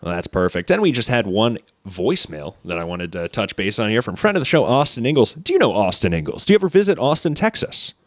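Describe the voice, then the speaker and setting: A man's voice: on the low side, sing-song, quick pace, few pauses, no echo. Guy hosting a comedy podcast, bouncy up and down voice, dry close mic, bit of music. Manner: playful, reads listener mail. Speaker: podcast host. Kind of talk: casual comedy podcast chat.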